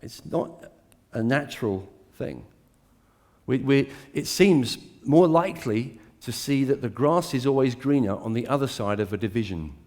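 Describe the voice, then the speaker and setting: A man preaching a sermon to a church, dramatic and swinging between hushed, intimate lines and emphatic climbs. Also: medium pitch, lively intonation, unhurried. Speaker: pastor.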